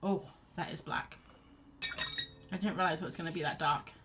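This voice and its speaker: A woman's voice: lowish voice, fairly even intonation, normal speed, noisy background. Chatty woman painting live. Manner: chatty, self-deprecating, laughs often. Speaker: art livestream host. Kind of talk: casual chat while painting.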